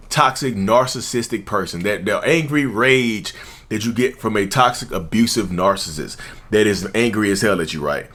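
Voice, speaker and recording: A man hosting his own channel, talking straight to the camera in a casual, emphatic way. He repeats his points over and over and chuckles now and then. His pitch swings lively through his sentences. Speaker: channel host, self-described narcissist. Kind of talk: casual talking-head commentary.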